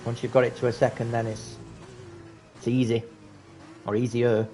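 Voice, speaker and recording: Male race caller, mid-pitch, laid-back and chatty, lifts for close finishes; faint hiss underneath. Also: moderate pace. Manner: casual, chatty, rising excitement at close battles. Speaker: race commentator. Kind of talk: live sim racing commentary.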